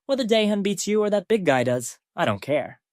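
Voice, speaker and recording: A man's voice: high-pitched, very animated, a little fast, no echo, studio quality, pitched above the performer's own voice. A man voicing a short-tempered young male student who talks in an irritated, snappy way.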